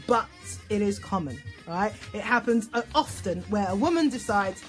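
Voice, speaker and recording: A woman relationship therapist giving an instructional talk, animated, checking in often with "okay?" and acting out example phrases. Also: mid-range voice, moderate pace, faint music behind. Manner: acts out example phrases in voices.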